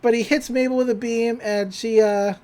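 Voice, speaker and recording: A podcast co-host with a fairly high voice, speaking at normal speed, animatedly recaps a cartoon episode in casual chat. She acts out the characters' lines and laughs often.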